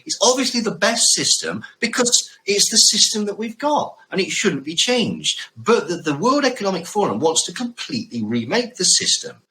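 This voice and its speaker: A man's voice: mid-range voice, bright, forceful tone, poor audio. A man co-hosting a podcast, explaining things in casual chat with sarcastic, wry asides. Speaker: podcast co-host.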